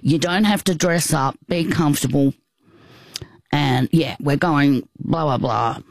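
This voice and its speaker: A woman's voice: deep voice, a little slow, no echo. An exuberant, bossy woman friend who is teasing about a surprise outing, as the woman telling the story puts her on. Her talk is breezy and laughing. The sound is dry and close. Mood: teasing, excited.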